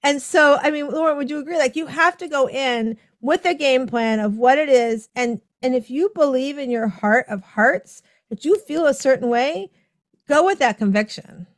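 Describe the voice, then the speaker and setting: A woman hosting a podcast conversation, animated as she tells stories and acts out the people she quotes. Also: sits high, moderate pace, dry recording, clean studio sound. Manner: animated storytelling, acting out quoted dialogue with laughs. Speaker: podcast host. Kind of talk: casual conversation.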